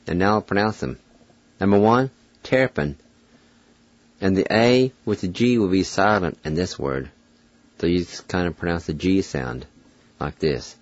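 A man's voice: low voice, measured pace, long pauses, no room sound, highs cut off. A man hosting a scripted radio language lesson, patiently spelling out letters and repeating each word. He is recorded on a close studio microphone.

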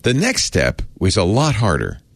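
A man with a very deep, gravelly voice talks through a casual explainer in a chatty, wry way. His pitch swings widely as he trails off and restarts. The sound is dry and close. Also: huge pitch swings, moderate pace, no room sound. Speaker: host explaining a word of the day.

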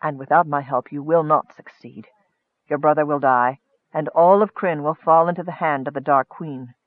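A man putting on a hushed sinister wizard. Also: high-pitched, lively intonation, no room sound, narrow, tinny audio. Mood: urgent. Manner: quiet, hushed and measured. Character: sinister soft-spoken male wizard.

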